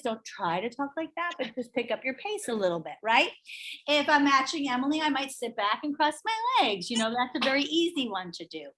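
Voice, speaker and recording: A middle-aged woman leading a real estate sales training, chatty and energetic, telling stories to the room. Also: on the high side, fairly quick. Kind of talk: training workshop talk.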